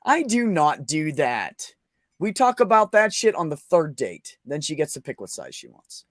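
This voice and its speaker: A young man chatting casually on his livestream, crude and joking with a ready laugh. His voice runs a little high for a man and moves around a lot. The sound is close and dry. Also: very animated, normal speed, a bit bright, no echo. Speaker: livestream host. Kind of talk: casual live chat.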